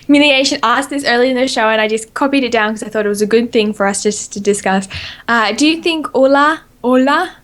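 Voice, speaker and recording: A woman with an Australian accent co-hosting a casual gaming podcast, excitable and quick to laugh. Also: on the high side. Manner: giggly, excitable, laughs often. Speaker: podcast co-host.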